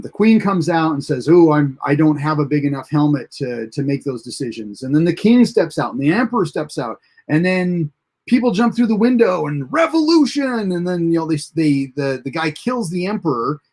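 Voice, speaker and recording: A man's voice: fairly high pitch, creaky, a little mellow. A man hosting a casual live TV episode review, recapping the plot in a rambling way with many fillers and restarts and chuckling at the funny parts. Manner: chuckles at funny moments while recounting. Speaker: host of a TV episode review show.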